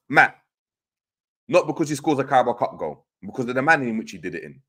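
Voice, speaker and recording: A man's voice: mid-range voice, fairly bright tone. A man hosting a livestream, reading chat comments aloud in slangy, teasing banter. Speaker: host reading live chat.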